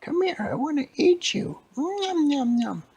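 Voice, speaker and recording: A man voicing a greedy, shrill old woman in a homemade bedtime story, squealing with glee. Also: sing-song, a little slow, darkish tone, full character voice. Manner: squealing, gleeful.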